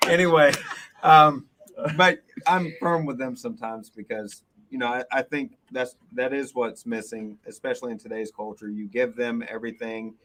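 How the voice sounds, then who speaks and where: A man's voice: medium pitch, normal speed, fairly bright tone, slight background noise, rough recording. A man, a guest on a live podcast, speaking earnestly about firm parenting.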